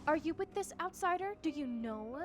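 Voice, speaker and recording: A woman's voice: high voice, lively intonation, normal speed, voice pushed up. A woman voicing a stern, hostile squirrel warrior guarding its land, with game music behind. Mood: accusing. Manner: haughty, accusing.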